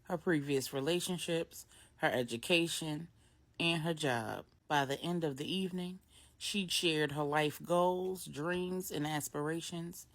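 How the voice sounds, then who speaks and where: Low-voiced woman reading a grownup bedtime story, slow and deliberate, short phrases. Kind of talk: scripted bedtime-story narration for adults.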